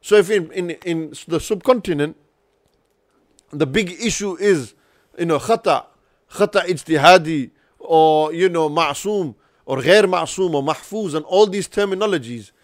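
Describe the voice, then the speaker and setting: A man's voice: a little high, measured pace, no room sound, clean studio sound. A man hosting a religious podcast, talking earnestly and giving advice, with frequent restarts. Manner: earnest, advisory, many restarts. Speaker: podcast host. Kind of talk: casual podcast discussion.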